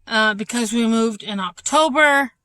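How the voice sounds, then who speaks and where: A young woman giving a candid, halting home vlog update with many fillers, troubled by an ongoing cough and short of breath. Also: on the high side, bright, forceful tone, no room sound. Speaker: vlogger. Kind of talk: casual personal update.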